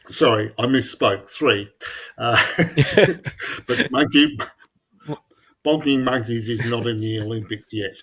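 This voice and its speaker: A man's voice: mid-range voice, slow pace, pauses often, a bit bright. A middle-aged man co-hosting a podcast in casual, rambling chat, swearing and restarting often. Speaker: podcast co-host.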